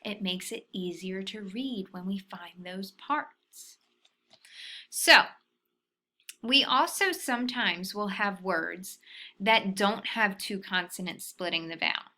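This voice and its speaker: Woman, phonics teacher for little kids, unhurried, bright clear tone. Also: mid-range voice. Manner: slow, patient, sounding out syllables. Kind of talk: phonics lesson for young children.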